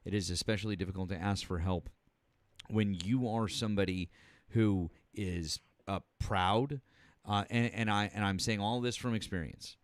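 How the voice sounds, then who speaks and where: A man hosts a call-in political talk show in a low voice, full of restarts and apologies. The sound is dry and close, with no room around him. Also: normal speed, dry recording. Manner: stammering, apologetic, says he can't fake anger. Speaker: host.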